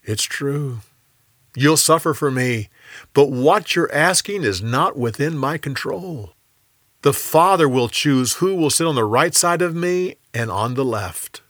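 A male storyteller speaking as Jesus, a calm and earnest teacher who talks slowly and gently, his pitch rising and falling with feeling. The sound is dry and close. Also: no echo. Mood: gentle, earnest.

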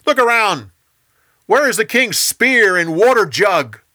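Young warrior David, earnest and loyal , played by a male narrator; bright tone, unhurried. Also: fairly high pitch, expressive, no echo, clean studio sound. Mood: shouting. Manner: earnest and firm.

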